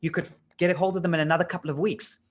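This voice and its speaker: A man's voice: on the high side, fairly even intonation, racing. Enthusiastic man coaching in casual talk. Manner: enthusiastic, conversational, pushes points with rhetorical questions. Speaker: LinkedIn trainer.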